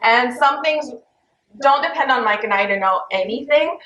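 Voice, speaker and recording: A woman's voice: sits high, animated, moderate pace, pushed and bright, roomy sound, highs cut off, slight background noise. A woman hosting a casual chat show from a home dining table, playful and sarcastic, laughing often. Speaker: host.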